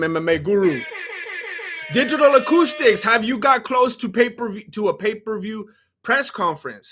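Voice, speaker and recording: Laid-back man with a high voice. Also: fairly bright tone. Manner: rambling, self-deprecating, laid-back. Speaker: streamer. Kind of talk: casual live-stream chat.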